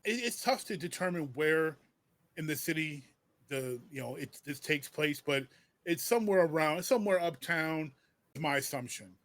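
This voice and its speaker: Male podcast host, a bit higher-pitched, playful roasting tone with lots of restarts. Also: normal speed, fairly bright tone. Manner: joking, stumbling restarts, roasting the film. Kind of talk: casual podcast chat.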